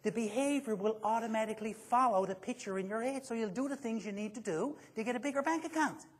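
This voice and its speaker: A man's voice: very high-pitched, quick pace, husky. A man giving a motivational seminar to a live audience, joking and quizzing the listeners as he goes. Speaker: motivational speaker.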